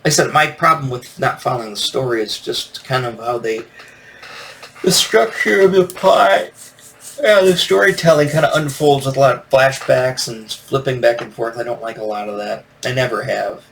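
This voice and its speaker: A man hosts a solo comics review podcast, rambling casually with many fillers and restarts. His medium-pitched, fairly bright voice runs a little fast with hardly any pauses, and he sits distant from the mic amid faint noise.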